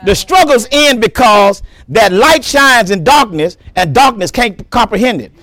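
High, lively preaching pastor. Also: male voice, unhurried. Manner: animated preaching, repeats words, laughs often, exclaims praise. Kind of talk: sermon.

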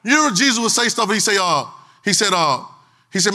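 Man, preacher, church service, high bright voice, call-and-response and shouts. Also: big pitch swings, fairly quick. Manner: call-and-response with the congregation, swings from quiet to shouting. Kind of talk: sermon.

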